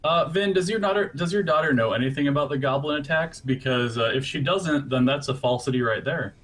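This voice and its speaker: A man's voice: on the high side, fairly quick, a bit bright. A young man playing his character in a tabletop game, earnest yet comic, stammering and laughing often. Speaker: player. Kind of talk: in-character tabletop role-play, casual and joking.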